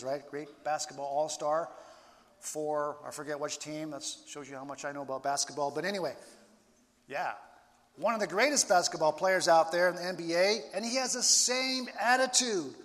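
A man preaching a sermon as a pastor, slow and deliberate with dramatic pauses. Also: on the high side, fairly bright tone, in a large hall.

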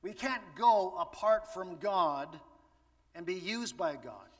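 A man's voice: high voice, expressive, slow pace. A man preaching a sermon in a conversational way, putting rhetorical questions to the audience. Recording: echoey hall from far off.

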